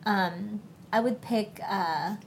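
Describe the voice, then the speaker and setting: A woman's voice: mid-range voice, slow pace, vocal fry, a little hiss or hum. A woman co-hosting a podcast, chatting casually with frequent fillers and a playful streak. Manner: hesitant, lots of fillers, playful. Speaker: podcast co-host. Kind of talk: casual chat about video games.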